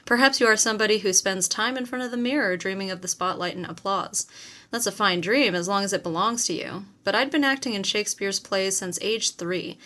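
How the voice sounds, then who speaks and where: Speaking a little fast in a mid-range voice, a woman reads a first-person novel aloud for an audiobook. Her storytelling is expressive, and she performs the dialogue.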